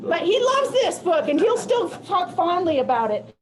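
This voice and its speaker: An older woman giving a presentation to teachers, telling classroom stories in a lively way and laughing often. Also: extremely high pitch, moderate pace, a little hiss or hum, low-quality recording. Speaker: teacher of deaf students. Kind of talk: presentation to educators.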